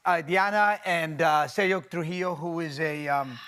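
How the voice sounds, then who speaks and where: A man in his fifties, a guest on a daytime talk show, talking in a loose, animated, rambling way. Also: a little high, normal speed, clean tone. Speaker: guest actor. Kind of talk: casual talk show chat. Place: TV studio with live audience.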